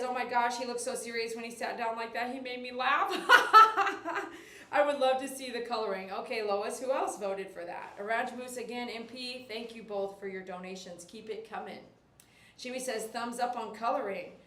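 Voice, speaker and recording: A woman's voice: fairly high pitch, a bit bright, reverberant. A woman, a dog groomer chatting on a casual livestream and reading viewer comments aloud.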